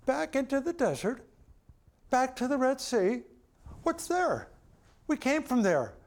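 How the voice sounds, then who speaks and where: Whiny complaining wanderer, as a preacher puts him on, high-pitched, indignant, grumbling. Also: male voice, sing-song, slow, exaggerated voice. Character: whining grumbling Israelite man, complaining.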